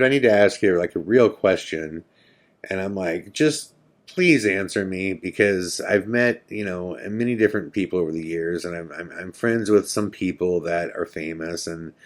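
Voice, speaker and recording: A man hosting a podcast, telling a story in a casual, halting way, full of fillers and repeated words. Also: sits low. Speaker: podcast host.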